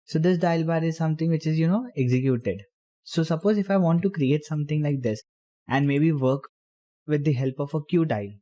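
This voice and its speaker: A man explaining programming step by step while typing, in halting phrases. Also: on the high side, warm tone. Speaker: programming tutor. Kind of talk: screen-recorded coding tutorial.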